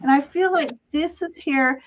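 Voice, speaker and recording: A woman host giving a live tarot reading, speaking gently and laughing often between phrases, on dull lo-fi livestream audio. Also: sits high, a little slow. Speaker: tarot reader and show host.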